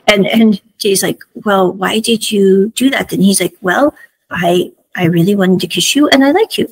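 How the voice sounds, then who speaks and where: Chatty husky-voiced woman recapping a drama. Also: medium pitch, normal speed, dry recording, rough recording. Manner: chatty, retells scenes in quoted dialogue, many "I'm like" asides. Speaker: show host reviewing a drama series. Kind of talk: casual recap and commentary.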